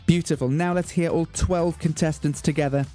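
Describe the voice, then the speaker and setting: A man's voice: fairly high pitch, fairly even intonation, brisk, warm tone, soft background music. A man hosting a community radio show with playful, mock-theatrical patter. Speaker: radio host.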